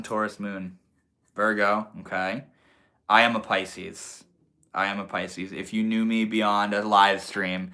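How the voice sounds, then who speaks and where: A man's voice: lowish voice, pushed and bright. A young man live streaming from his room, chatting casually and slangily with his viewers and reading their messages aloud. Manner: laid-back, slangy, reads chat aloud. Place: indoors at a computer.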